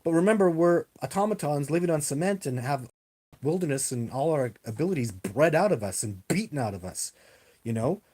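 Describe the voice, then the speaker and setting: A man's voice: fairly high pitch, expressive, fairly quick, a little mellow. Rambling, emphatic man hosting a livestream. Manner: rambling, emphatic, repeats himself. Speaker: livestream host answering viewer questions. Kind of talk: casual livestream Q&A. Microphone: webcam on a live video stream.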